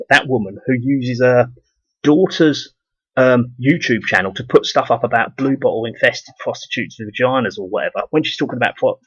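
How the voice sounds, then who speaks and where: A man's voice: medium pitch, a bit bright, slightly rough, dry recording, dull audio. A man with a southeast English accent delivering a rambling, profane ranting monologue for his video blog, full of repeated restarts. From southeast England. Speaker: video blogger.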